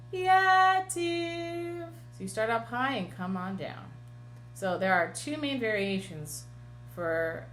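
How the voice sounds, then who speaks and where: A woman cantor with a mid-range, fairly bright voice teaches a class on Torah chanting, with a little hiss or hum in the recording. She explains patiently and sings short chanted examples.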